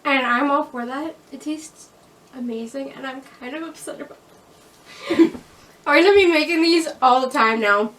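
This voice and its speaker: A woman's voice: high voice, normal speed, pauses often, a bit bright. A woman casually chatting as she tastes homemade food, enthusiastic and sometimes talking with her mouth full. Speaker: vlog co-host. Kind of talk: casual food tasting chat. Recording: voice a little far from the mic.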